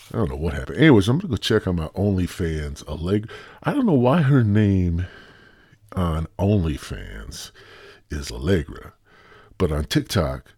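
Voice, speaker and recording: A man hosts his podcast alone, rambling and cracking crude jokes in a very deep, husky voice that swings widely in pitch. He sounds a bit stuffy and short of breath, recorded dry and close to the mic. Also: a little mellow, no echo. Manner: rambling, profane, joking. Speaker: podcast host. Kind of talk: solo casual podcast rant.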